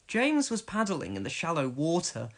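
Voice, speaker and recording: A woman narrating a children's storybook for a read-along. Her voice is expressive and animated. She sounds like a warm bedtime reader. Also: low-pitched, moderate pace.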